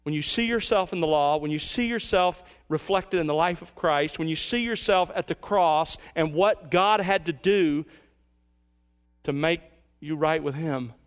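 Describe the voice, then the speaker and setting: A man preaching an expository sermon as pastor, emphatic and measured, slowing down to stress key words. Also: fairly high pitch.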